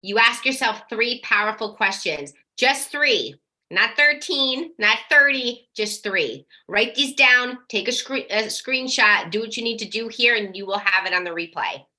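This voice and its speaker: A woman's voice: a little high, normal speed, hardly any pauses. A woman coaching parents in a live workshop, talking directly and energetically, now and then acting out their worried questions. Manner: energetic, direct, casual swearing.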